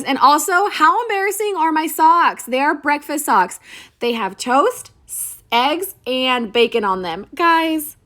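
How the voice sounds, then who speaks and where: Bubbly, slightly hoarse woman narrating a craft tutorial. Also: high voice. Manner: bubbly and chatty, keeps addressing viewers as you guys; self-deprecating jokes. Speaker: crafter demonstrating a tumbler project. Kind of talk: tutorial voice-over.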